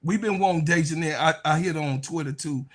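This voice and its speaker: Casting note: male co-host, husky voice, blunt and profane, casual sports banter. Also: on the high side, quick pace. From Chicago. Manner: blunt, profane, talks over himself.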